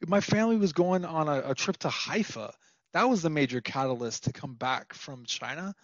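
A man's voice: on the high side, expressive, normal speed, no echo, muffled recording. A young man from Minnesota, a podcast guest, telling a story casually with lots of fillers and laughs.

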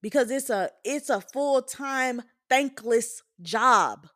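A woman's voice: fairly high pitch, expressive, slow, fairly bright tone. Blunt, profane woman in her twenties. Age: 20s. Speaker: podcast host. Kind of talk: candid opinion monologue.

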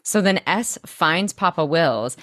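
A woman co-hosting a podcast, recapping a TV episode in casual chat, swearing freely and making quick asides. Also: lowish voice, lively intonation, fairly bright tone, dry recording, studio quality. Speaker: podcast co-host.

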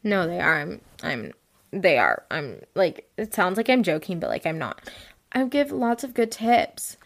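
A woman's voice: lowish voice, sing-song, measured pace, creaky. Chatty teenage girl hosting a podcast. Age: late teens. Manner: chatty, rambling, heavy use of "like"; frank and self-mocking. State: tired. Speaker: podcast host. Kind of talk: casual solo podcast chat.

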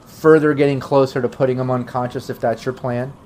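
A man's voice: medium pitch, little pitch movement, fairly quick. Casual male game master with faint hiss. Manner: casual, many fillers, breaks into gruff shouting voices for NPCs. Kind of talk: narrating a tabletop game.

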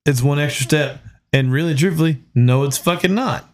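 A man's voice: a little high, moderate pace. A man in casual podcast banter, teasing and arguing with his friends. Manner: teasing, argumentative. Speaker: podcast co-host. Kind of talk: casual chat.

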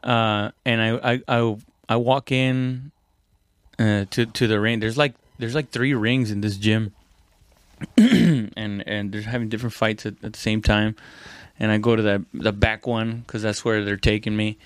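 A man's voice: on the low side, fairly even intonation, unhurried, smooth, no echo. A young man casually telling a story about fighting, rambling and profane, with lots of restarts and fillers.

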